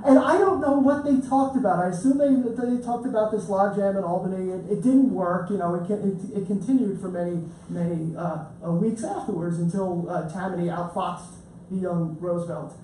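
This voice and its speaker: A man gives an informal, storytelling lecture on his book, chatty and joking, often starting over mid-thought. His voice is high and mellow at a moderate pace. The distant mic captures a roomy lecture hall with an audience, faint ambience and some hiss or hum.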